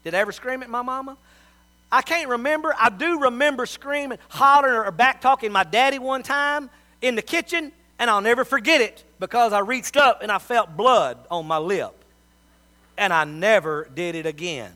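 A man's voice: extremely high pitch, normal speed, pushed and bright. A middle-aged man, preaching a sermon as a pastor and telling folksy stories.

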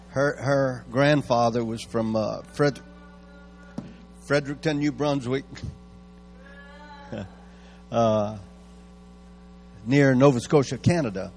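A Cajun man, a guest preacher, telling folksy jokes from the pulpit and chuckling along. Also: medium pitch. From Houma, Louisiana. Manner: folksy storyteller, chuckles at his own jokes. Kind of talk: sermon with folksy joke-telling.

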